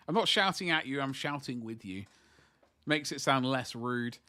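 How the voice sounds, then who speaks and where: A man talking to his livestream audience while he works on miniatures. His voice is bright and his chat rambles along with joking asides and self-corrections. It sounds like an easygoing hobby stream. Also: mid-range voice, moderate pace.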